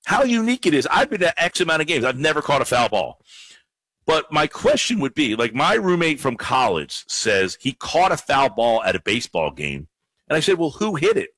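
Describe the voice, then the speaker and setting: A man hosting a call-in sports radio show, talking with callers and listeners in an animated way. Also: mid-range voice, dry recording. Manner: lively, animated, quick play-by-play bits. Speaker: radio sports talk host.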